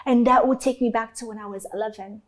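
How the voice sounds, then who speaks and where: Speaking fast in a slightly high voice, this interview guest from North Africa recounts her personal story with plenty of emphasis and a little casual swearing. She is lively and forceful, imitating how others talked.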